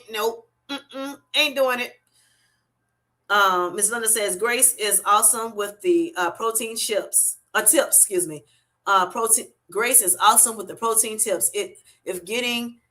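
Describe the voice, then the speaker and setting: Lady hosting a live stream, reads comments, says honey a lot, bright clear voice. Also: medium pitch. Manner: chatty, affectionate, calls viewers honey. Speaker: livestream host. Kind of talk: casual live chat reading viewer comments.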